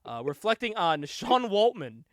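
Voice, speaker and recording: A man's voice: high voice, sing-song, measured pace, no room sound, clean studio sound. A man co-hosting a podcast, animatedly retelling events, acting out quotes and laughing often. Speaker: podcast co-host. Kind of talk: casual chat.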